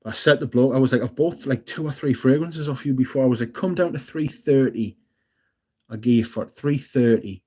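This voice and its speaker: A man's voice: mid-range voice, brisk, mellow, slightly rough. A young man hosting a casual live stream, chatting in a jokey way and reading out messages from the chat. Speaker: livestream host.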